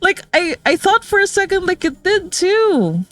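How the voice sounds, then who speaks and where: A woman streamer reading game dialogue aloud in her own plain voice. She breaks off into excited, higher reactions between the story lines. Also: unhurried, soft background music.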